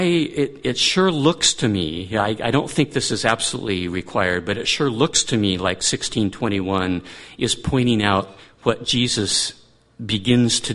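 A man's voice: fairly low pitch, fairly bright tone. A man teaching through a Bible passage in a conversational way, thinking aloud and restarting his sentences.

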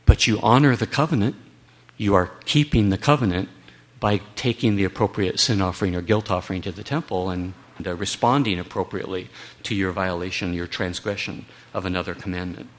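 A man delivers a Bible teaching talk in a fairly low voice. He presses his points earnestly and emphatically, now and then slipping in a wry aside. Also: fairly quick. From United States.

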